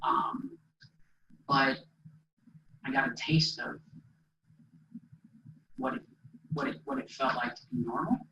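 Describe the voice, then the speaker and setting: A man gives a motivational talk in a presentation hall, animated and storytelling, acting out each exchange with a bright, lively voice. The sound is roomy and echoey, picked up from a distance, with a slightly dull, muffled quality and faint ambient noise behind him. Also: medium pitch, slow pace, creaky, pauses often. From Minnesota. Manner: animated storyteller, acts out dialogue. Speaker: motivational speaker. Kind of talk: inspirational keynote speech.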